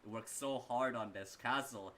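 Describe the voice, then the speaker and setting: A man's voice: a little slow, pushed and bright, a little hiss or hum. A man putting on a prissy young noblewoman. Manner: primping and shrill, screams at the intruder.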